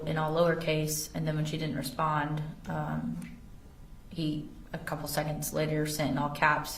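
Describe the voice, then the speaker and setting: A woman's voice: low voice, flat delivery, normal speed, a little hiss or hum. A woman testifying as an investigator in a courtroom, carefully reading text messages aloud. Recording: echoey courtroom audio from far off.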